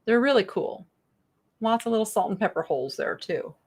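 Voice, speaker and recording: A middle-aged woman hosting a live online sale, chatting brightly with viewers and describing thrift finds. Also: mid-range voice, expressive, fairly quick, husky. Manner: chatty, bubbly, reads viewer chat aloud. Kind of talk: live-stream sales chat.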